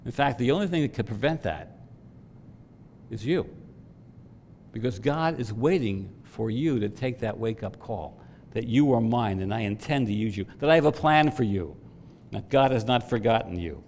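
A man preaching a sermon, swelling to loud emphatic peaks and dropping to quiet asides. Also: mid-range voice, lively intonation, moderate pace, slight background noise. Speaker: pastor.

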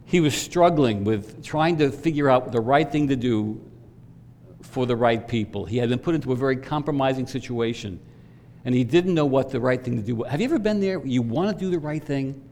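A man's voice: medium pitch, animated, a little fast, a little mellow, slight background noise. Earnest man preaching in a reverberant hall. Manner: earnest, rising emphasis on questions to the congregation. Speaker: pastor. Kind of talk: sermon. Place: church sanctuary. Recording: long reverb from a church hall.

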